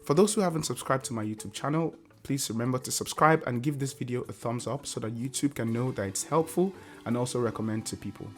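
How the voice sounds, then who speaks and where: A man's voice: mid-range voice, fast, hardly any pauses, soft background music. A man hosting a casual online language lesson, patiently repeating example words and singing tone syllables. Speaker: language teacher and channel host.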